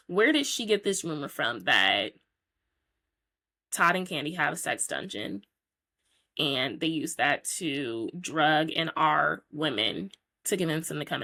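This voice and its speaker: A woman's voice: lowish voice, a bit bright. A woman hosting a podcast, retelling reality-show drama in a chatty, opinionated way. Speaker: podcast host. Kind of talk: casual recap commentary.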